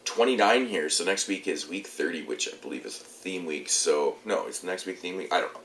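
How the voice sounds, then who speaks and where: A man's voice: low voice, expressive, a little fast, creaky, fairly bright tone, echoey room, a little hiss or hum. A young man with a stuffed-up, congested voice, casually rambling through a movie review with loose, swearing chat.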